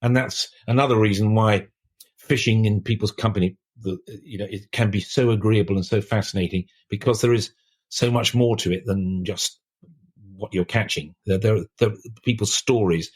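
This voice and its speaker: A man's voice: fairly low pitch, steady tone, moderate pace, slightly rough. An older man, a writer guest on a podcast, talking in a reflective, discursive way with many restarts. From England. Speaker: author guest.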